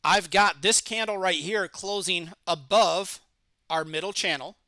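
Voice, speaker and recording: A middle-aged man walks through a trading lesson in a confident, steady voice, posing and answering his own questions. His voice sits high and bright. The mic is close and dry, with no room sound. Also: unhurried, dry recording. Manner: confident, steady explanatory delivery with rhetorical questions. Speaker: trading educator. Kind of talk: screen-share market lesson.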